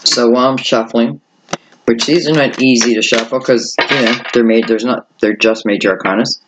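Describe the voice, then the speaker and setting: A man giving a casual, rambling tarot reading to his viewers, gentle in manner and full of asides like "you know" and "right". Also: medium pitch, steady tone, moderate pace, background noise. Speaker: tarot reader.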